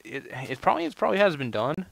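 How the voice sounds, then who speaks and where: A man's voice: a little high, huge pitch swings, rapid-fire, gravelly, fairly bright tone. A young man giving casual let's play commentary, rambling and full of "you know" fillers. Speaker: gameplay commentator.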